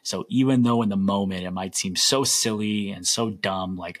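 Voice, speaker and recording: Husky low-voiced man hosting a podcast. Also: steady tone, measured pace, fairly bright tone. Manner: earnest, rambling storyteller. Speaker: podcast host. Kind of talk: solo podcast monologue.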